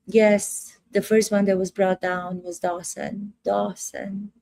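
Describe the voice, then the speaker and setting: A woman's voice: medium pitch, level tone, slow, few pauses, mellow, dry recording. A woman acting coach giving casual commentary to camera, emphatic and repetitive, asking rhetorical questions. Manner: emphatic, repeats phrases, asks rhetorical questions.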